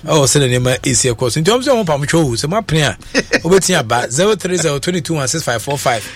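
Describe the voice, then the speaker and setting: A Ghanaian man hosting a call-in radio talk show, switching quickly between languages, full of fillers. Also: on the high side. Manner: animated, rapid code-switching with many fillers.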